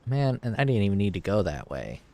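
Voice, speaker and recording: A slightly low-voiced man streaming a video game, chatting casually and swearing often. He gets excited over loot and reads the on-screen text aloud as he plays. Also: brisk. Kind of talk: casual gameplay commentary.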